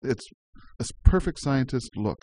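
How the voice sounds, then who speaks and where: A man's voice: medium pitch, lively intonation, normal speed, warm tone, a little hiss or hum. Friendly male radio host, casual chat with frequent laughs. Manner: chatty, laughs easily, restarts often.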